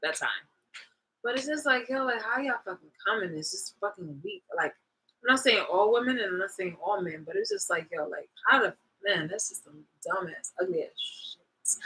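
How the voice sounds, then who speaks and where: A woman ranting casually to her viewers, blunt and profane, laughing often and swinging between loud and low. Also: lively intonation, moderate pace, breathy edge, poor audio. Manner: laughs often mid-rant. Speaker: vlogger. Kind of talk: casual rant to camera.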